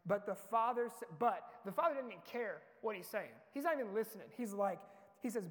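High-voiced preacher in a reverberant hall. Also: male voice, expressive, brisk. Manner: earnest, conversational preaching with vivid storytelling. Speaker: pastor. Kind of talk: sermon. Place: church sanctuary. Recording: long reverb of a large church hall.

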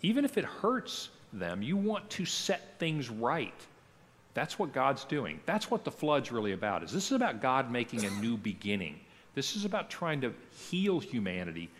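A man's voice: medium pitch, huge pitch swings, moderate pace, fairly bright tone. A middle-aged man, a pastor teaching a church class in a conversational way, often putting questions to his listeners. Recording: long reverb of a church hall.

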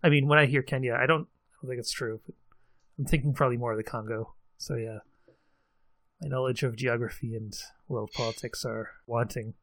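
A man's voice: mid-range voice, fairly even intonation, fairly quick, a bit bright, no room sound. A man, co-hosting a casual podcast chat, rambling and poking fun at himself with frequent chuckles. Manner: rambling, self-deprecating, chuckles often. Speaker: podcast co-host.

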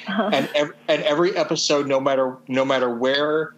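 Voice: mid-range voice, normal speed, highs cut off. A podcast co-host explaining things casually with some hesitation. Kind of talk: casual chat.

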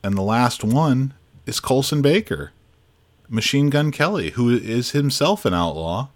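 A man's voice: mid-range voice, animated, a little slow. A man co-hosting a film podcast, giving casual, opinionated reviews and laughing easily.

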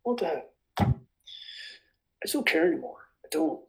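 A man's voice: on the high side, sing-song, normal speed, creaky, darkish tone, rough recording. A man rambling passionately in a casual religious discussion. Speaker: bible study participant.

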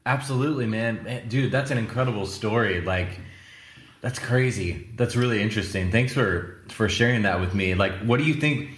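A man's voice: lowish voice, normal speed, a bit bright, roomy sound. A male host who talks casually and encouragingly, with slang like man and dude, asking questions. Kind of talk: casual interview.

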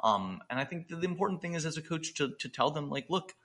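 A man's voice: fairly high pitch, animated, fast talker, fairly bright tone. A man co-hosting a podcast, chatting in a loose, rambling way with many restarts. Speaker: podcast co-host and coach. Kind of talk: casual podcast chat.

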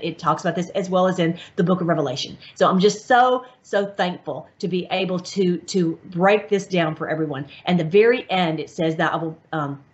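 A woman's voice: fairly low pitch, muffled recording. A woman hosting an online video, reading aloud and commenting in an eager, emphatic way with many restarts.

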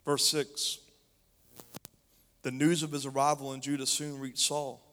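Emphatic preacher in a reverberant hall. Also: male voice, mid-range voice, flat delivery, measured pace, fairly bright tone. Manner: emphatic, reading scripture and preaching directly to the room. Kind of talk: sermon.

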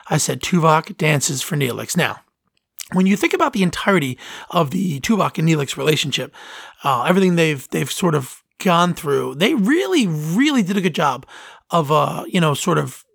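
Guy rambling on his podcast, gravelly kinda high voice, dry close sound. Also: fairly bright tone, dry recording. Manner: rambling, enthusiastic, many fillers and restarts. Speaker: podcast host. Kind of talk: casual chat.

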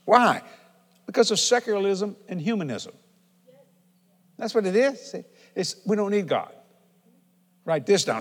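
A middle-aged male preacher with a fairly high voice delivers a folksy sermon in a church. He swings from easy conversational asides to loud, shouted declarations. His voice rings through a large hall with a long reverb tail. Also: expressive, normal speed, long pauses.

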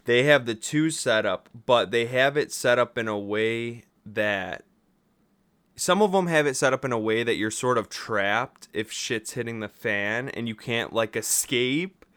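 A man hosts a laid-back podcast, grumbling through stories and swearing without a second thought. His voice is clear and smooth, sitting at an ordinary pitch. The sound is dry and close, with no room in it. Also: a little slow, a bit bright, dry recording. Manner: venting storyteller, swears freely. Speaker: podcast host. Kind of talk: casual chat.

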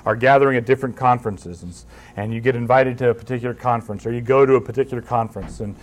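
This conference talk comes from a pastor with a medium-pitched voice who races through his words. He sounds chatty yet forceful, slips in dry jokes, and keeps starting over mid-thought.

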